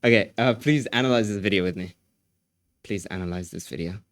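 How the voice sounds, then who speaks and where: A man livestreaming, chatting casually with his viewers, excitable and repeating phrases as he laughs often. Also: fairly low pitch, a little fast, no echo.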